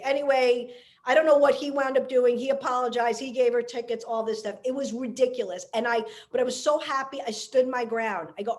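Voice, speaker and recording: A woman comedian, telling a story in casual podcast chat, animated and chatty. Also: fairly high pitch, brisk.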